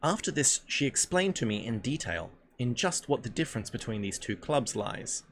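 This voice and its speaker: A man's voice: mid-range voice, big pitch swings, normal speed, fairly bright tone. A man leading a reading group on a stream, reading a book aloud, stumbling over words and breaking off for casual, joking asides.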